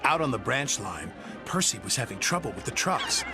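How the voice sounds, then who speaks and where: A man narrates a children's storybook with a very lively, animated voice that rises and falls constantly. His pitch sits in the middle, and music plays behind him throughout. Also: normal speed. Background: background music.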